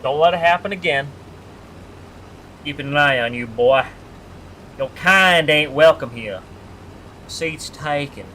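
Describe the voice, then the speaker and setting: A gruff, hostile old Southern landowner growls out warnings in a slow, menacing drawl, as a male gamer puts him on for a moment. The voice carries a bright, edged tone, with a faint room hum behind it. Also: a little high, rough recording.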